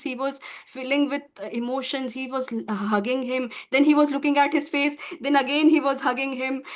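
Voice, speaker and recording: A woman teacher telling a devotional story to children in an animated, stumbling way. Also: high voice. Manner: animated, many fillers and restarts.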